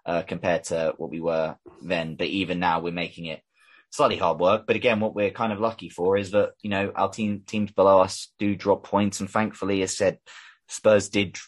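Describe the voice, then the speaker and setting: A man hosting a casual fan podcast, talking fast in a rambling, frustrated way, with lots of fillers and restarts. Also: deep voice, flat delivery. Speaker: podcast host.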